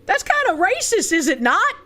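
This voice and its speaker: A woman's voice: extremely high pitch, big pitch swings, moderate pace, pushed and bright, faint music behind. A woman with a Boston accent, streaming and ranting casually in a blunt, profane way. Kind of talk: casual livestream commentary.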